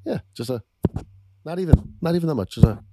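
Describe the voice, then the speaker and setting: A man co-hosting a podcast in casual chat, telling crude stories with excitable energy. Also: a little high, quick pace, heavy background noise. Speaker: podcast co-host.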